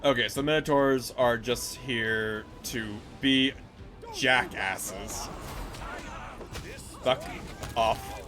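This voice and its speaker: A man giving casual, jokey commentary while playing a video game with friends, animated and quick to swear. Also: mid-range voice, over music.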